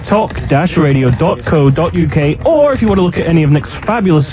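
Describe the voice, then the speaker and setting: A man co-hosting a talk radio show, reading out contact details and dropping dry, deadpan asides. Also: on the high side, a little fast. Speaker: radio co-host. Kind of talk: casual on-air banter. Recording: muffled radio broadcast with music.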